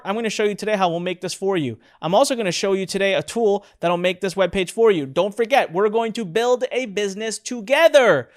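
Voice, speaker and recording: Excitable middle-aged webinar instructor. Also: mid-range voice. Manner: excitable and emphatic, repeats key lines; chatty asides, fillers. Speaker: online course instructor. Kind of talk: live webinar presentation.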